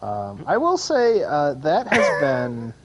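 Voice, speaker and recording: A man's voice: fairly high pitch, wildly swooping pitch, slow, husky, rough recording. A man in his thirties co-hosting a casual podcast, rambling through long stories. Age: 30s. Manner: rambling, lots of fillers and restarts. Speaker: podcast co-host. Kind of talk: casual chat.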